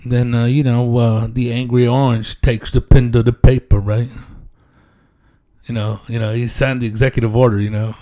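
A man's voice: medium pitch, level tone, normal speed, mellow. A man hosting a comedy podcast in a casual, joking monologue, loosely repeating "yes, yes" and "man". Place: podcast studio.

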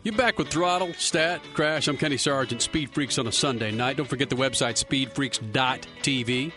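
A man's voice: mid-range voice, normal speed, music in the background. A man hosting a motorsport radio show, brash and joking, with lots of banter. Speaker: radio host. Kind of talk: loud casual radio talk.

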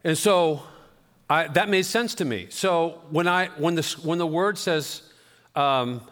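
A man's voice: fairly high pitch, takes it slowly, fairly bright tone. Man preaching in a reverberant church. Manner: conversational, self-deprecating storytelling with gestures. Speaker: pastor. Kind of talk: sermon. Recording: long reverb of a church hall.

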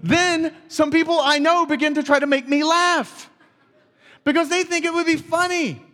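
A man pastor preaching with animated, self-deprecating storytelling. His voice is high for a man. The long reverb of a church auditorium hangs behind every phrase. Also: normal speed. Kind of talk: sermon with personal storytelling.

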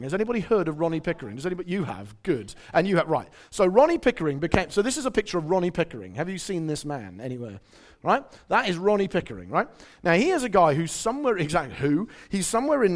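A man preaching a conversational sermon, quizzing his audience and telling stories. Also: high voice.

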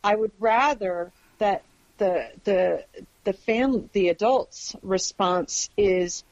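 Podcast guest: woman, mid pitch, earnest and emphatic, muffled lo-fi audio. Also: takes it slowly, darkish tone. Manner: earnest, emphatic explaining with check-in questions. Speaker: guest expert on dogs and families. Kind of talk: podcast interview. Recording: dull lo-fi audio.

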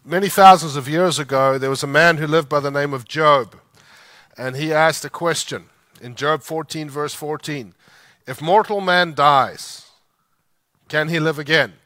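Bright, high-voiced male preacher. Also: dry recording. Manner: emphatic, slows down to stress scripture lines. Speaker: pastor. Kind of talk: sermon.

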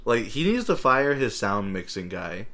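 A man's voice: fairly low pitch, big pitch swings, normal speed, pushed and bright. An American man chatting casually on a podcast, slangy and laid-back, often laughing. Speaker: podcast co-host. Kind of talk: casual chat.

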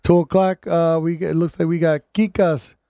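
A man's voice: fairly high pitch, flat delivery, moderate pace, mellow, dry recording. A man hosting a live talk radio show, ranting and restarting his words often as he reads listener comments and programming notes in the studio.

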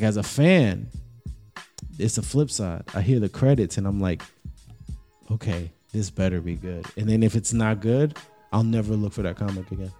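Rambling young man with a mellow voice. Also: mid-range voice. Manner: rambling, profane, animated. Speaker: podcast co-host. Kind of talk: casual chat.

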